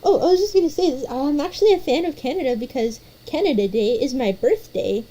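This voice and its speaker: Playful lady host, high voice but mellow, keeps poking her caller with questions. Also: lively intonation, quick pace, poor audio. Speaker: streamer host. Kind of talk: casual chat.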